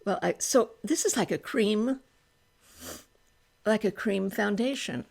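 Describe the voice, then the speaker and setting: An older woman in her eighties with a gravelly, creaky edge to her voice talks through a makeup try-on. She chats casually and thinks aloud, often starting a sentence over as she works. She is recording in a small room at home. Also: mid-range voice, takes it slowly, darkish tone. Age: 80s. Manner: chatty, thinks aloud, many restarts while applying makeup. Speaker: beauty vlogger.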